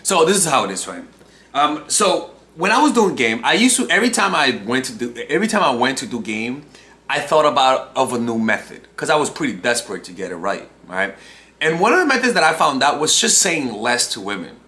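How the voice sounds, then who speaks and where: A dating coach in his twenties talks casually to camera in a medium-pitched, sing-song, sharp voice at a fairly quick pace. He speaks in loose restarts of his phrases and keeps checking in with a tagged-on "right?".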